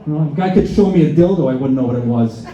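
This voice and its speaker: Male club comic, sarcastic with mock-pompous asides; high-ish, very mellow voice in a dull, echoey bar room. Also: expressive, rapid-fire. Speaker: stand-up comedian. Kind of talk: live stand-up set. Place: bar and grill stage before a laughing crowd.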